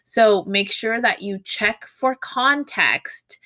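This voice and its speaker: A woman's voice: takes it slowly, dry recording. A woman teaching a Japanese grammar lesson in English, explaining patterns and acting out sample phrases. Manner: explanatory, acts out sample Japanese phrases with lively pitch swings.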